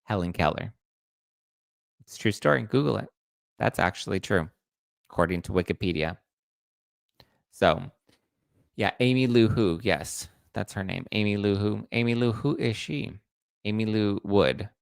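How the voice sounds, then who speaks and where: A man's voice: on the low side, normal speed, creaky, pauses often, clear, resonant tone, no echo. A man hosting a casual pop-culture gossip show, snarky and chatty, acting out quotes in mocking voices. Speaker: entertainment news host.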